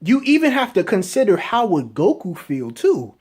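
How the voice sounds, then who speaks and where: A man giving casual fan commentary, talking excitedly and asking rhetorical questions over and over. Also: high-pitched, normal speed, slightly rough. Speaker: anime reviewer.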